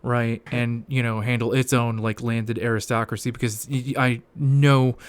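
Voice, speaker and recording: A man co-hosting a livestream, reading a text aloud and then talking casually with many fillers, quick to laugh and act exasperated. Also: medium pitch, flat delivery, smooth, no echo. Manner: fast filler-heavy talk, laughing and exasperated.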